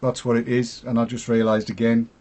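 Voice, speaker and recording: A man's voice: medium pitch, completely flat delivery, a little fast, darkish tone. A man hosting a casual online chat show, talking in a jokey, self-deprecating way. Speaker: host.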